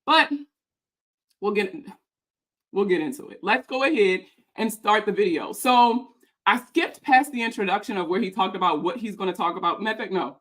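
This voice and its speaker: A woman's voice: mid-range voice, lively intonation, fairly bright tone. A woman who makes personal finance videos, ranting in a heated, profane, sarcastic way as she reacts to a video about her. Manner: profane, heated, fast-talking; sarcastic and mocking. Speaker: personal finance content creator.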